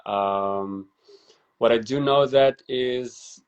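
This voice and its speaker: A man's voice: mid-range voice, extremely slow, clear, resonant tone, lo-fi sound. A man from Afghanistan, a podcast guest, answering reflectively with many ums and restarts. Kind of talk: casual conversation.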